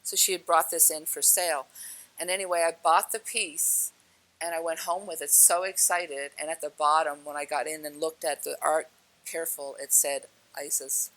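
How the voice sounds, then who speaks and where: A woman speaker telling a personal spiritual story to an audience, animated, with frequent laughs and fillers. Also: low-pitched, moderate pace, low-quality recording.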